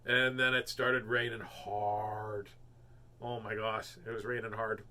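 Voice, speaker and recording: A man's voice: fairly low pitch, flat delivery, slow, bright, forceful tone. A man hosting a home reading show, chatting casually with lots of jokes and fillers. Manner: rambling, jokey, many fillers. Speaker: host reading children's books. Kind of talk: casual chat.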